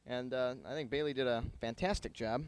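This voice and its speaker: A man emceeing a high school talent show on a handheld microphone, joking and rambling with lots of fillers. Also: brisk, smooth. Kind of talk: joking stage emcee patter. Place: high school auditorium stage.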